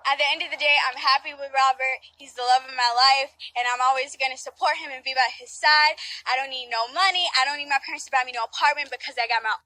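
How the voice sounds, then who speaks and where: A woman's voice: high voice, steady tone, fast, bright, forceful tone, no echo, poor audio. A woman in her early twenties ranting in a heated, defiant, emphatic way in a social media video. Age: 20s.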